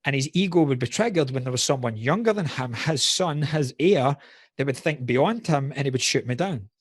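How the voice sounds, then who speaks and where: A man's voice: mid-range voice, lively intonation, moderate pace, husky, dry recording. A man in a casual podcast conversation, blunt and candid, swearing freely while reflecting on personal wounds.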